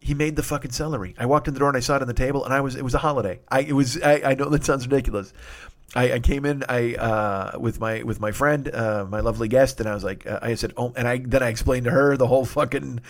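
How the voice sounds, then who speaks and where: A middle-aged man hosts a podcast, talking at an ordinary mid pitch. He rambles through a comic monologue full of swearing and now and then bursts out loudly. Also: quick pace. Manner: profane, animated, with sudden loud outbursts.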